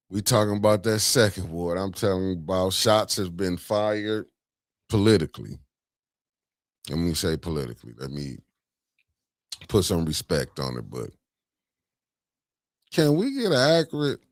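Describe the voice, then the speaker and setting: A deep-voiced man hosts a casual livestream chat. He talks in loose slang and greets his viewers one by one by name. His tone stays low and easygoing. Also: no echo. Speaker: livestream host.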